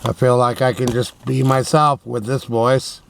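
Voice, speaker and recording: At night in his van, a man runs a mock radio show, rambling, cracking jokes and talking to himself in a casual late-night monologue. His mid-range voice is level, unhurried and creaky, picked up by a camera on a tripod with slight background noise.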